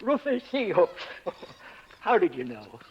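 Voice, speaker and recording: A man's voice: sits high, sing-song, unhurried, slightly rough, heavily acted. An actor playing a chatty, giggly backwoods man with rustic grammar, in a 1960s TV western. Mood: folksy. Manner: rustic grammar, chuckles, stammers. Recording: muffled old TV soundtrack.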